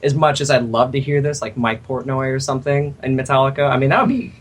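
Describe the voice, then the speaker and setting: A man's voice: medium pitch, fast talker, background noise. A man co-hosting a casual talk radio show, joking and rambling playfully. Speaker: co-host.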